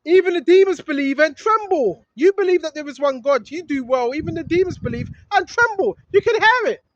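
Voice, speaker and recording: A street preacher with an extremely high, animated voice speaks a little fast, reading scripture and repeating points emphatically until he's shouting. The recording is dry, dull, and lo-fi, with faint noise.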